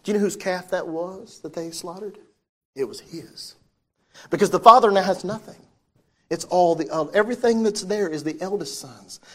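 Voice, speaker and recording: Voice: mid-range voice, normal speed. Preacher reading and explaining scripture. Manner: reads old-style scripture aloud, then explains it with questions to the listeners; shifts often between loud emphasis and soft, hushed delivery.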